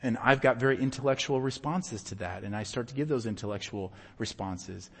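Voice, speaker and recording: A man preaching a sermon as pastor, telling personal stories in an earnest, animated way with bursts of loud emphasis. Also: medium pitch, brisk, slightly rough. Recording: long hall reverb.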